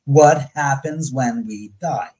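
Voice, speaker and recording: A man's voice: mid-range voice, slow pace, rough recording. A middle-aged man talking bluntly and profanely in casual chat, often acting out other people's words. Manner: blunt, profane and animated, acting out quoted voices. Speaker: guest.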